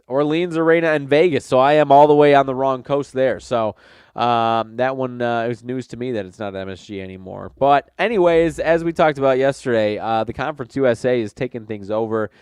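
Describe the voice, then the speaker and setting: A man's voice: medium pitch, clean tone, dry recording, studio quality. A man hosting a sports betting show, a little nasal from a cold, talking casually and rambling with many fillers and self-corrections. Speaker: sports betting podcast host.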